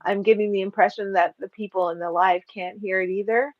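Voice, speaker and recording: A woman speaks calmly and gently as a guest teacher, easing through her spiritual points. She is on a remote call through earbuds, so her voice comes through dull and lo-fi. It sounds dry with no room echo. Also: mid-range voice. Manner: calm, soothing, slow and gentle. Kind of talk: calm spiritual teaching in a live chat.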